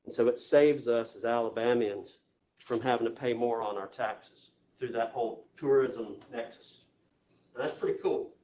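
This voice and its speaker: A man's voice: mid-range voice, darkish tone, slight background noise. A man giving a jokey, folksy orientation presentation to a room of new staff, checking in with the audience as he goes. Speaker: state parks presenter. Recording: echoey room, voice from far off.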